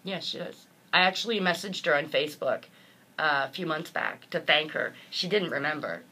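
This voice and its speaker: A woman's voice: sits low, moderate pace, bright, forceful tone, slightly rough. A woman motivational speaker, earnest and heartfelt, telling a personal story in an interview and acting out the voices of the people in it.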